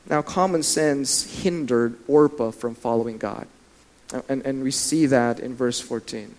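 A man preaching a sermon. He asks the listeners questions, swings between loud and soft for emphasis and acts out the voices of biblical figures. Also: mid-range voice, a little slow.

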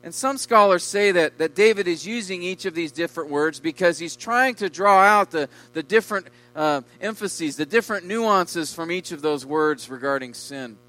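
A man preaching a sermon with emphasis, his voice swelling loud on key words and dropping low. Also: expressive, normal speed, hardly any pauses, rough recording. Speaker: pastor.

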